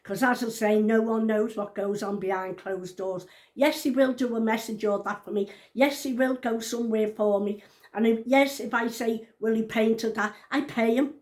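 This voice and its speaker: A woman's voice: fairly high pitch, fairly even intonation, normal speed, darkish tone. Blunt, outspoken woman in her sixties. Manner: blunt and outspoken, swears freely; emphatic, repeats points. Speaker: vlogger. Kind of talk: casual storytelling to camera.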